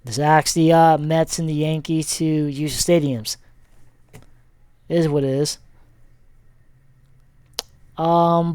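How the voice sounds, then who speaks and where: A man's voice: on the high side, fairly even intonation, slow, long pauses, a little mellow, clean tone, no room sound. A man giving a casual, rambling sports recap as he clicks through a screen, with many fillers and self-corrections. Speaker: sports vlogger.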